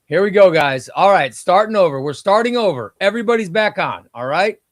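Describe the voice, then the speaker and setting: A man's voice: sits high, animated, brisk, no room sound. A man hosting a casual comic book livestream, chatting with viewers and calling out names as they are eliminated from a giveaway wheel. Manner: chatty, exclaims at each elimination.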